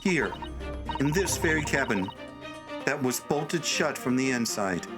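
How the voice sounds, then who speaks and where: A menacing ship officer with a mock Russian-style accent, put on by a man reading a game aloud. He accuses in slow, clipped, broken grammar. Game music plays behind. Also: mid-range voice, animated, lightly acted. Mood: accusing.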